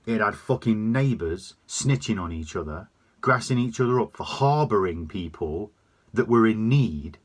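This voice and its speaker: A man's voice: lowish voice, lively intonation, normal speed. A man delivering a sweary, emphatic opinion rant to camera. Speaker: vlogger.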